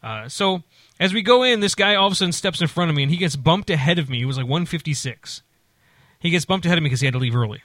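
A man with a bright, forceful voice tells a casual story in a dry, close-sounding room. He rambles and restarts, slipping into quick voices for the people he quotes. His pitch sits a little high for a man. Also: no echo. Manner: rambling, animated, many restarts and acted-out quotes.

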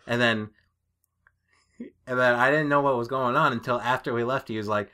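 A man's voice: mid-range voice, steady tone, pushed and bright, clean tone. A man from New England co-hosting a casual podcast, telling stories and laughing easily. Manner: laughing, storytelling, quick quips. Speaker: podcast co-host.

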